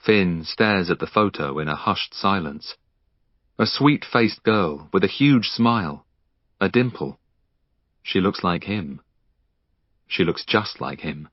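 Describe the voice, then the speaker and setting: A man narrates an audiobook, voicing its dialogue with feeling. His pitch rises and falls widely. The recording is dry and a little dull. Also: slow, pauses often, no room sound. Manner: expressive, emotional character reading. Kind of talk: scripted narration with acted dialogue.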